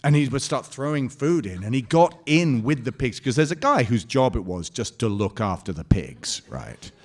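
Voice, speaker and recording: A man answering fan questions at a convention panel, telling lively anecdotes on a handheld mic. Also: medium pitch, normal speed. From Scotland. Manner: lively anecdotal storytelling with quoted voices and laughs. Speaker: convention panel guest actor. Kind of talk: storytelling Q&A panel.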